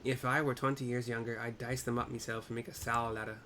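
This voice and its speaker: A man voicing a gruff, folksy aging male merchant who rambles. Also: medium pitch, little pitch movement, fast talker, sharp tone, a little hiss or hum, lightly acted.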